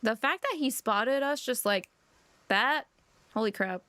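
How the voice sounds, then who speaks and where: A woman's voice: a little high, animated, a little slow, sharp tone, dry recording. A young woman streamer reading a story game aloud and chatting casually with viewers. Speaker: VTuber streamer.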